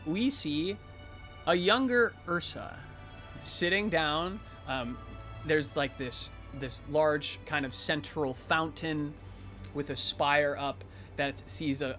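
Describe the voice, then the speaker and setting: A man's voice: a little high, pushed and bright. A man narrating a tabletop role-playing game as game master, in a casual, rambling way with many fillers.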